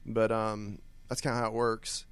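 A man's voice: lowish voice, completely flat delivery, moderate pace, a bit bright, clear, resonant tone, no room sound. A man as a guest on a business radio show, answering questions in an easygoing way with frequent laughs. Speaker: guest, steel company owner. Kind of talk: casual interview answers. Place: radio studio.

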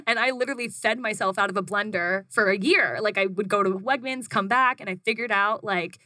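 Bright-voiced young woman telling a lively story. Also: fairly quick, dry recording. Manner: animated, acts out her own quotes in a higher voice, frequent "like". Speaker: guest, food business founder. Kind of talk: casual storytelling interview.

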